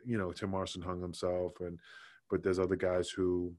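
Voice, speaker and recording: A man's voice: deep voice, moderate pace. A man, a former wrestler, telling stories in a casual interview, swearing freely and acting out what people said. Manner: swears a lot, animated, acts out quotes.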